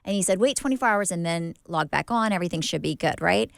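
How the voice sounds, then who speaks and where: A woman's voice: on the low side, animated, fast, gravelly, dry recording, clean studio sound. A woman co-hosting a podcast, telling a story in a rambling, casual way full of fillers and restarts. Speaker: podcast co-host.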